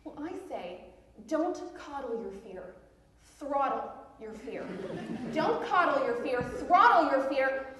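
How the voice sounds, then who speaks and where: A woman's voice: high voice, sing-song, takes it slowly, background noise, full character voice. Woman playing a giggly, pushy self-help author. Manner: giggly, with frequent nervous laughs. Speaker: self-help author giving a book talk. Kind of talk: live stage theatre monologue. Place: theatre stage. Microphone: far room mic in the audience. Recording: echoey, distant theatre hall recording.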